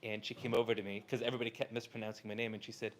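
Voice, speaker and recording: A man's voice: on the low side, flat delivery, rapid-fire, slight background noise. A man from Southern California, a Torah teacher telling a casual, chatty story to a live audience, full of "like" and "uh".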